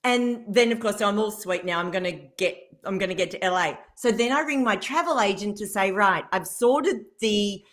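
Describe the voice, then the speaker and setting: A woman, a radio guest telling a story in lively fashion, acting out what people said. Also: medium pitch, a little fast, hardly any pauses. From Australia. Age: 50s. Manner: animated storyteller acting out quotes, laughing.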